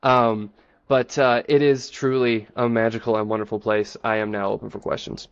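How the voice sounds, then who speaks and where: A man giving an enthusiastic, playfully boastful pitch in a casual group chat, then taking questions. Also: flat delivery, moderate pace, clean tone, no echo, lo-fi sound. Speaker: presenter defending a theme park in a group chat.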